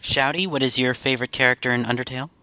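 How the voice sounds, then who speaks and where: A man hosting a casual group chat, upbeat and quick to laugh. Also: mid-range voice, steady tone, bright, forceful tone, dry recording. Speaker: podcast host.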